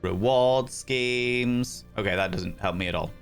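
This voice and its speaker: A man's voice: medium pitch, measured pace, soft background music. A man chatting on a live stream, rambling and greeting each viewer with playful endearments. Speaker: streamer and game master.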